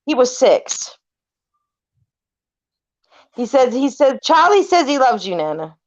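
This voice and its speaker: Speaking slowly in a high voice, a Californian woman in her forties shares family ghost stories, chatty and animated, impersonating each person she quotes and cursing casually. The recording is dull lo-fi, close and dry with no room sound.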